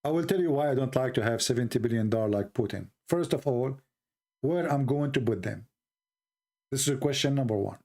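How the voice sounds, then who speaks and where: A man's voice: mid-range voice, brisk, a little mellow. Sarcastic man with a Middle Eastern accent. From Middle East. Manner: mocking, sarcastic, broken English. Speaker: show host. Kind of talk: sarcastic livestream monologue.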